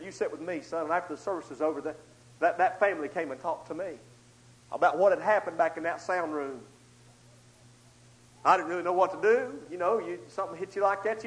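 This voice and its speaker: A man preaching a storytelling sermon, swinging between loud outbursts and hushed asides. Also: high-pitched, rough recording.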